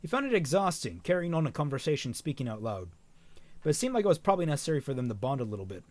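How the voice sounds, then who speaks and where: A man's voice: a little high, big pitch swings, rapid-fire, darkish tone, no room sound. A man reading a fan story aloud on a stream, correcting himself often and dropping casual, profane asides.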